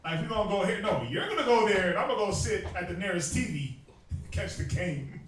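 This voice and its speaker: Animated high-voiced young man, echoey. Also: a little fast. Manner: animated, joking, mimics people. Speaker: street teacher. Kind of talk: street teaching to a group. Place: outdoors in a city. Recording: very echoey, distant from mic.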